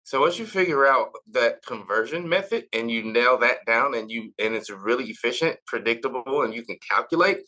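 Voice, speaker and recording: A man in his forties, a podcast guest, explaining his work in a relaxed way with many "um"s. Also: medium pitch, fairly quick, few pauses, rough recording. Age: 40s. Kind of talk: casual interview.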